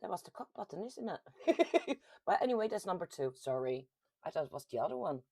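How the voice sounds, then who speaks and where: A woman from the Netherlands, speaking with a Dutch accent, hosts a relaxed live chat at home and reads her viewers' comments out loud. Her voice is on the low side, gravelly and warm, with a sing-song, fairly quick delivery; she's chatty, laughs often, and the sound has no echo.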